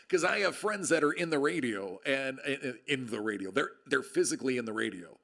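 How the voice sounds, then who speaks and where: Gravelly and fry-edged yet fairly bright, this man's everyday-pitched voice carries a projected, radio-style delivery on a casual live stream. Seated near a desk mic with a level meter, he jokes, chats, and reads viewer comments with lively intonation at a moderate pace.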